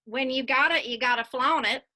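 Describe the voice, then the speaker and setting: A woman's voice: sits high, normal speed, sharp tone. A woman playing a flamboyant, boastful self-styled tiger queen in a parody sketch. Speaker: co-presenter.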